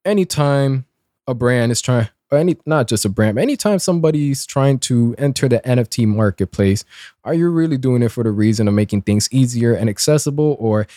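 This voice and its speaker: A man in his twenties hosting a casual commentary show, sarcastic and blunt, with lively swings in pitch. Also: a little fast, no echo, clean studio sound. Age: 20s. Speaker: commentary host.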